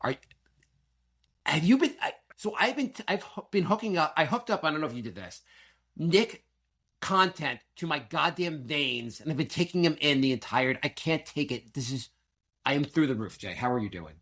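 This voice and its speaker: Animated ranting man telling a story. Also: a little high, moderate pace, slightly rough. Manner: animated ranting storyteller, acts out family quotes. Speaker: podcast co-host. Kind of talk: casual sports podcast chat.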